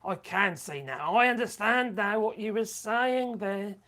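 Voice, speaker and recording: A man's voice: high voice, a little slow, sharp tone. A man with a Norfolk accent hosting a casual live stream, reading out viewer comments in a chatty, crude and mocking way, often muttering asides. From England.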